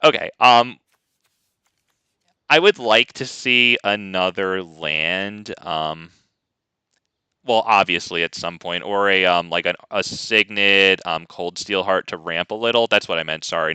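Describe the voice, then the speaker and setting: A man's voice: sits low, unhurried, bright, forceful tone, clean tone, no echo. A man streaming a card game, ranting casually and talking to his chat. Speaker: gaming streamer. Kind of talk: casual live gameplay commentary.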